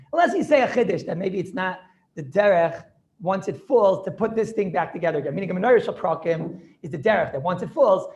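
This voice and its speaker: A man teaching as a rabbi in a loose, joking class over a video call. He talks at a brisk clip and keeps turning to his students with quick asides. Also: sits high, gravelly.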